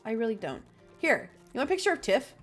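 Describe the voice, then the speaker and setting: A young woman streaming a video game, talking in quiet, mumbled asides. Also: on the high side, very animated, fast talker, faint music behind. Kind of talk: casual game stream chat.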